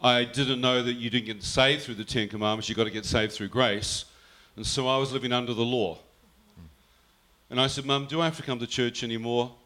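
A man's voice: mid-range voice, steady tone, a little fast, pushed and bright. A man telling a personal faith story earnestly, often quoting his mother's words. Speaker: guest telling his testimony.

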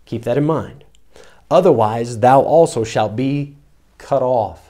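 A man preaching an expository sermon, reading scripture slowly and repeating words for emphasis. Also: medium pitch, dark tone.

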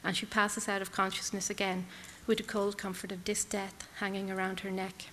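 Woman narrator, bright clear tone, dramatic literary reading in short clipped phrases. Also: medium pitch, flat delivery, long reverb tail, slight background noise. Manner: measured, intense, clipped phrases. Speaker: reader.

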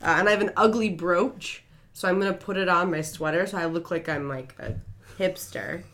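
A woman's voice: on the low side, normal speed, fairly bright tone. A woman playing a tabletop role-playing game, describing her character's plans in a brash, playful way. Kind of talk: casual in-character play.

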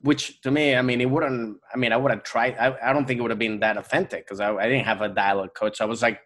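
A man's voice: medium pitch, fairly even intonation, fast talker, a bit bright. A man with a Venezuelan accent, a guest comedian and actor chatting casually in a podcast interview, rambling through restarts and fillers.

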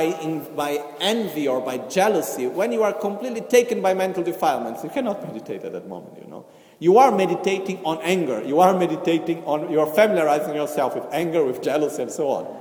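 In a reverberant, echoey hall, a man with a slightly high voice gives a Buddhist teaching talk. He teaches gently, acting out inner voices and returning again and again to "okay?" and "you know."

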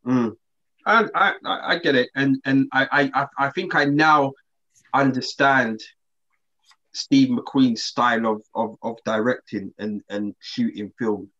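A man, co-hosting a casual chat and telling a story in relaxed slang with many restarts. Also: medium pitch, unhurried. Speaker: podcast co-host. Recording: slightly dull lo-fi sound.

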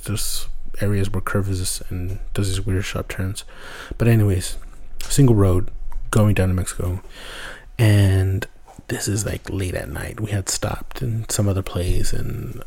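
Male podcast host, low, dark husky voice, rambling casual storyteller who swears. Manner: rambling, swears often, restarts a lot.

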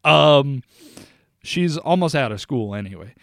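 A man's voice: mid-range voice, animated, measured pace, creaky, a bit bright, slight background noise. A young man co-hosting a podcast, telling rambling stories and laughing often. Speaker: podcast co-host. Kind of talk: casual chat.

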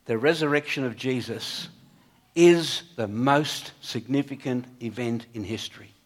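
A man preaching a sermon in an earnest way, swinging between emphatic peaks and quiet, low passages. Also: normal speed.

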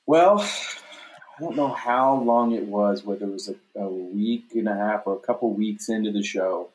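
A man telling a stage story in a casual interview, animated and often repeating "you know what I mean". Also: fairly low pitch, normal speed, reverberant, a little hiss or hum. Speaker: guest, stage performer.

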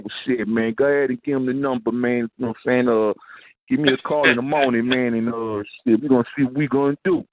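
Husky New man telling stories on phone. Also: mid-range voice, brisk, no room sound. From New York. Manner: laid-back, fills lines with "man" and "you know what I'm saying". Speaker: guest. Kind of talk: casual storytelling. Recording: tinny phone line.

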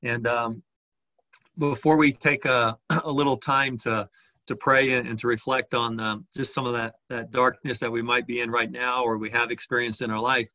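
A man preaching a sermon, speaking haltingly with many fillers and restarts. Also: medium pitch, flat delivery, bright, forceful tone, no echo. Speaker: pastor.

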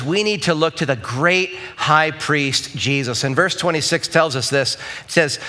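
Bright, high-voiced pastor preaching. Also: male voice. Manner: conversational storytelling, self-deprecating, animated when quoting himself. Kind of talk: sermon.

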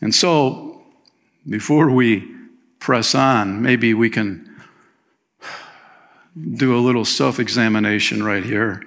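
A man preaching a sermon as pastor, energetic, swinging between loud emphasis and quiet appeals, with rhetorical questions to the congregation. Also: mid-range voice, takes it slowly, long pauses.

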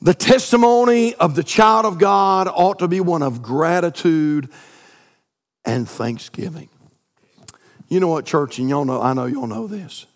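High-voiced preacher in a reverberant hall. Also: male voice, animated, measured pace. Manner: swings from loud chanted preaching to quiet storytelling. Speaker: pastor. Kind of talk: sermon.

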